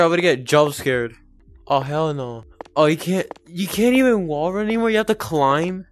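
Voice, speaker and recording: A man's voice: a little high, normal speed, a little hiss or hum. A man giving gameplay commentary as a gaming YouTuber, jumpy and prone to yelps and screams when startled.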